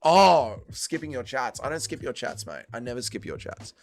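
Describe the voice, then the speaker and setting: A man's voice: mid-range voice, big pitch swings, normal speed, vocal fry, a little mellow, soft background music. A man hosting a fight watch-along stream, swearing a lot and bantering with his chat. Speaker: livestream host.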